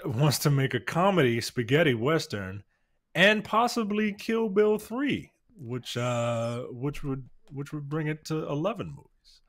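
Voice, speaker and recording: Wry man in lively podcast chat. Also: a little high, a little slow. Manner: conversational, laughing, wry. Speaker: podcast co-host. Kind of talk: casual chat.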